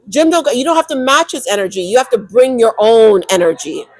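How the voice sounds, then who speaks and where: A woman co-hosting a podcast, talking emphatically and acting out quick inner monologues. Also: a little high, lively intonation, darkish tone, dry recording, poor audio. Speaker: co-host. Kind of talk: animated podcast conversation.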